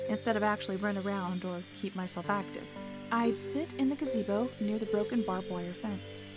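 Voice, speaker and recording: A woman telling a first-person story in a calm, measured narration. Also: mid-range voice. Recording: music bed under the voice.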